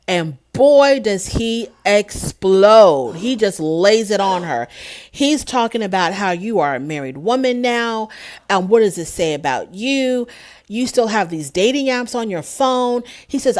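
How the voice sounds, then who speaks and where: A woman hosting her own channel, recapping a reality show episode in casual, animated commentary with an indignant edge. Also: mid-range voice, unhurried. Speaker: show reviewer, host.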